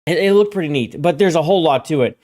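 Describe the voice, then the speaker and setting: Man hosting a gaming livestream; loose rambling delivery with sudden bright jumps when calling out chat names. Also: expressive, quick pace. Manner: jumps high and loud when greeting chat; rambling, repeats words. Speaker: livestream host. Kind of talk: casual stream chat.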